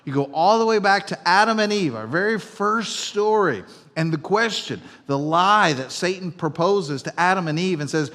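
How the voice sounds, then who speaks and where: A middle-aged man preaching a sermon as pastor, telling everyday stories in a conversational way and dropping from loud to hushed. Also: high voice, expressive, normal speed. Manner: conversational storytelling, swinging between loud and hushed. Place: church auditorium. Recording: long reverb of a church hall.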